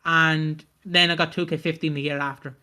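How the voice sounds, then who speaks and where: A young man co-hosting a podcast in casual chat, swearing freely and making dark jokes. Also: fairly high pitch, little pitch movement, moderate pace. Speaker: podcast co-host.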